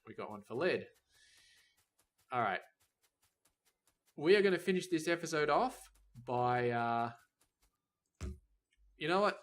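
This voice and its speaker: A man's voice: mid-range voice, big pitch swings, measured pace, long pauses. A man giving casual let's-play commentary, thinking aloud as he plans a factory and chides the game's robots and trains. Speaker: gameplay commentator.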